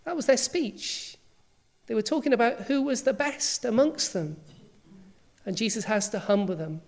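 A woman's voice: on the high side, normal speed, darkish tone. A woman preacher delivering a sermon, emphatic and full of rhetorical questions.

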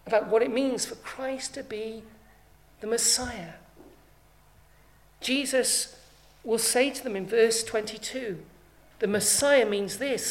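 A woman preaching a sermon, emphatic, swelling and dropping her volume to stress points. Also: a little high.

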